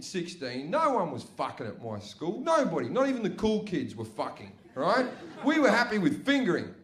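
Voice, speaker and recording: A young man doing a crude, swearing stand-up comedy set on a club stage. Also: a little hiss or hum. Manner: crude, swearing, loud jumps in pitch and volume.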